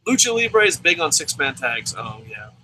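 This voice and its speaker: A male wrestling review host chatting casually, animated, swearing and talking in bursts. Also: on the high side, moderate pace, a little hiss or hum, low-quality recording. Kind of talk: casual chat.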